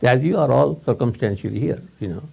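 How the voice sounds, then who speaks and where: A man's voice: mid-range voice, expressive, brisk, creaky, darkish tone, husky, lo-fi sound. A man giving a spiritual teacher's informal talk to students in English, his second language, rambling and repeating himself with frequent chuckles. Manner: rambling, repetitive, chuckles often.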